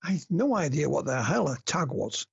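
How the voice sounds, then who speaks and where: A man's voice: a little high, very animated, brisk, vocal fry, husky, no echo, muffled recording. A man from the north of England with a northern English accent, a guest researcher telling anecdotes in a chatty way on a casual podcast interview. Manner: chatty storyteller, laughs at own anecdotes.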